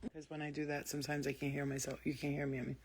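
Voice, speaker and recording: Profane, animated woman with a gravelly voice. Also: low voice, very fast, noisy background. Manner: blunt, profane and animated, greeting viewers mid-talk. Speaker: spiritual livestream host. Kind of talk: casual livestream talk to viewers.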